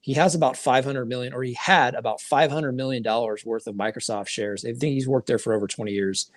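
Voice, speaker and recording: A man's voice: mid-range voice, steady tone, brisk, dry recording, clean studio sound. A man co-hosting a podcast, explaining markets in casual talk, often restarting his sentences. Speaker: podcast co-host.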